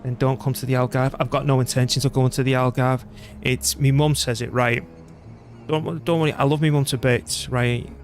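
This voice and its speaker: A man's voice: medium pitch, level tone, moderate pace, faint music behind. A middle-aged British man chatting and rambling casually while streaming a strategy game. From Britain. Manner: rambling, chatty, self-deprecating. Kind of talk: casual gameplay commentary.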